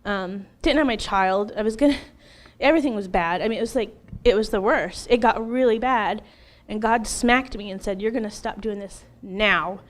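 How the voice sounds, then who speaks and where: A middle-aged woman in an interview, telling her personal testimony in an emotional, animated way, laughing often and acting out what she once said. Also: fairly high pitch, moderate pace. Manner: animated, laughs often, acts out her own past words.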